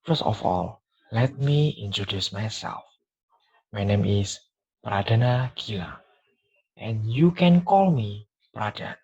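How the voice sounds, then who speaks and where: A young man, a student, leading a pronunciation drill with slow, deliberate repeat-after-me delivery. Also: fairly low pitch, animated, gravelly, a little mellow, breathy edge, dull audio. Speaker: student giving a pronunciation lesson.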